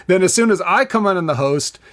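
A man with a slightly higher-than-usual voice talks through wrestling storylines in a casual podcast chat. He hesitates often and keeps a dry, deadpan tone. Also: a little fast. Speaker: podcast co-host, former wrestler.

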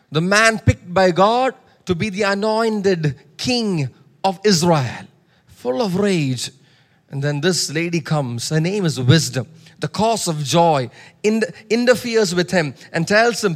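A high-voiced male preacher delivers a sermon with emphasis. He repeats key phrases and calls on listeners to say words back to him. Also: expressive, slow. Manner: emphatic, repeats lines, calls for audience response.

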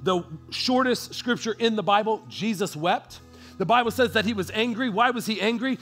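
A man preaching a sermon as pastor, with a high, bright, ringing voice and faint music under him. He talks in an easy, slangy way and swells from hushed storytelling into loud, fervent preaching. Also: moderate pace.

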